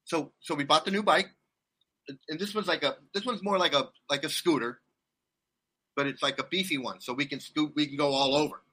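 Guy with a high bright voice rambling thru a story, lots of laughs n restarts. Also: fairly quick. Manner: rambling, animated, laughs often, many restarts. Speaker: guest telling a travel story. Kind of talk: casual storytelling chat. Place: condo abroad.

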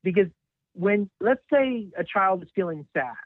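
A man's voice: high voice, expressive, a little slow, no room sound. A male guest on a live talk who speaks reflectively and asks rhetorical questions. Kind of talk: conversational discussion. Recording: tinny dry phone-like line.

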